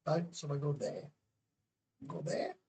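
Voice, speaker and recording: A man's voice: a little high, huge pitch swings, normal speed, vocal fry, darkish tone, breathy edge. A Welsh man hosting a casual livestream, chatty and blunt, swearing freely as he talks to viewers. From Wales. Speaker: livestream host. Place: home in Thailand.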